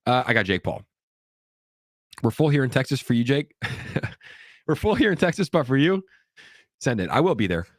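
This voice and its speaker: Sick guy hosting a crypto stream, coughing sometimes, hyped shout-outs, medium voice, dry close mic. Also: mid-range voice, very animated, moderate pace, long pauses, no room sound. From California. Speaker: crypto livestream host. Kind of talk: casual livestream chat reading viewer comments.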